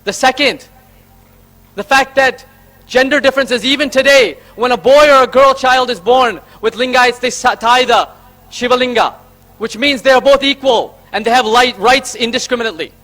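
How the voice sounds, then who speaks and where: A man's voice: very high-pitched, normal speed, bright, forceful tone. A man from Karnataka, giving an emphatic public speech from a stage and listing his points in order. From Karnataka, India. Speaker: invited speaker.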